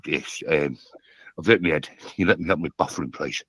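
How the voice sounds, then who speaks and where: Groggy, rambling man with a husky low voice. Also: fairly quick, a bit bright, dry recording. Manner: confused, rambling, repeats himself and swears. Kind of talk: phone call.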